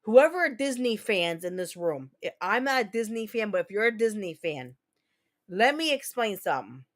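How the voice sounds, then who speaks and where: A woman from New Jersey hosting a casual livestream chat, talking in a rambling, profane way and quick to launch into rants. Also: medium pitch, sing-song. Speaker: livestream host.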